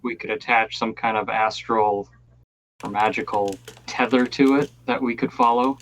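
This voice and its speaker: A man's voice: fairly low pitch, fairly even intonation, moderate pace, fairly bright tone, low-quality recording. A man playing a tabletop game, offering ideas thoughtfully with small hesitations. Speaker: player.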